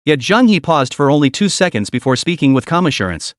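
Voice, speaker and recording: A male narrator reads a scripted story recap in a fairly high voice. His delivery is dramatic yet steady. The sound is close and dry, with no room around it. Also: fairly quick, no room sound.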